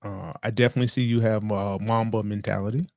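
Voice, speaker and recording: A man hosting a podcast interview, chatty and joking, with quick reactions. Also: fairly low pitch, steady tone, creaky, a little mellow, dry recording, clean studio sound. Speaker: podcast host.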